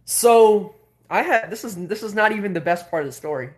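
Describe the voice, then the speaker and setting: Hosting a livestream, a man tells a story casually, rambling and animated, with plenty of filler words. His voice sits high and his pace is brisk.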